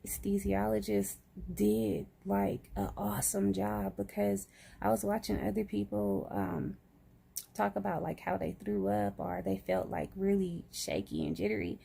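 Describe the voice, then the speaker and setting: A woman's voice: mid-range voice, moderate pace, creaky, dark tone, breathy edge. A woman chatting casually to camera, groggy after surgery, sprinkling "y'all" through her talk. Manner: chatty, says "y'all" often. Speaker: vlogger.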